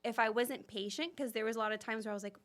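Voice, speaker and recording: A woman's voice: fairly high pitch, fast talker, fairly bright tone. A young woman just starting out as an esthetician, reflective and chatty in a casual podcast conversation. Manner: reflective, chatty with many fillers. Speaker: podcast co-host, new esthetician.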